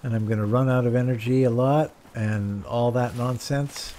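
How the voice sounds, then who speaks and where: A man's voice: medium pitch, fairly even intonation, normal speed, dark tone, a little hiss or hum. A man casually commenting on his own gameplay, chatty and self-deprecating, talking to himself as he goes. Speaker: gameplay streamer. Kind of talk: casual let's-play commentary.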